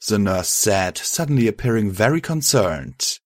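A man's voice: lowish voice, moderate pace, no room sound. Man narrating an audiobook, dry sound. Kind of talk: audiobook narration of fan fiction.

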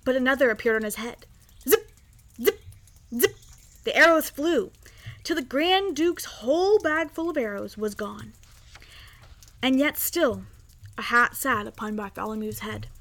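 A woman reading a children's story aloud in an expressive, lively way. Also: fairly high pitch, moderate pace.

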